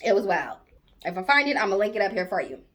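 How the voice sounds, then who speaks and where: A woman's voice: medium pitch, big pitch swings, fast, fairly bright tone. A woman hosting a commentary channel, greeting viewers in a chatty, playful way. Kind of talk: casual commentary.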